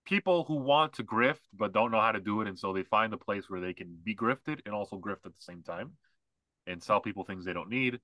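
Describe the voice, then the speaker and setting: A man's voice: lowish voice, brisk, bright, forceful tone, no echo. A man co-hosting a podcast, ranting in casual, mocking chat with lots of fillers. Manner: ranting, mocking, mimics others. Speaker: podcast co-host.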